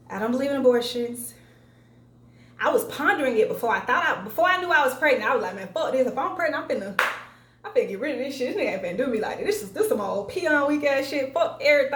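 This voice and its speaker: A young woman telling a story on her vlog, casual and profane, acting out quotes along the way. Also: high voice. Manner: profane, animated retelling with acted-out quotes. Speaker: vlogger. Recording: echoey room, faint ambience.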